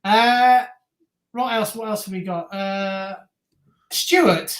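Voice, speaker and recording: Woman co-host, live football reaction, lively, reads the chat, echoey room. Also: medium pitch, slow. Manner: lively, reads out viewer comments, laughs easily. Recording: roomy echo.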